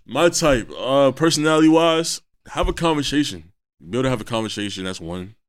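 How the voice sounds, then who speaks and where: A man guest on a podcast, laid-back and brief, often trailing off quietly. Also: medium pitch, expressive, brisk. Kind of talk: casual podcast banter.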